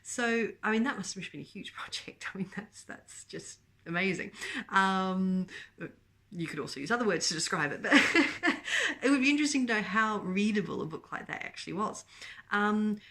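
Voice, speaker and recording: A woman's voice: medium pitch, expressive, moderate pace, pushed and bright. A woman, chatting casually about books to camera, rambling with many ums and frequent laughs. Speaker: book vlogger. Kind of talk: casual book chat to camera.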